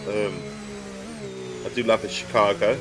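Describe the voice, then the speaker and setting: A man's voice: fairly low pitch, level tone, a little slow, noisy background. A man with an Essex accent chatting casually with his viewers while he plays, often laughing and poking fun at himself. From England. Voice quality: chatty and self-mocking, laughs often, reads chat aloud. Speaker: streamer. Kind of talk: casual gaming stream chat.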